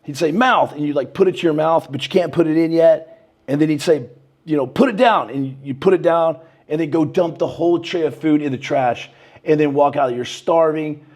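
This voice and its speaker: A man's voice: fairly high pitch, a little fast. Laid-back man telling stories. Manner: animated, acts out quotes in a raised voice; laid-back, says bro and man a lot. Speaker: podcast guest. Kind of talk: casual storytelling interview.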